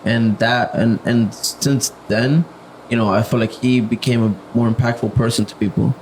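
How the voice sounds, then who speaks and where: Soft-spoken reserved young man. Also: medium pitch, steady tone, normal speed, a little hiss or hum, rough recording. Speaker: podcast guest, music producer. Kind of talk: casual interview chat.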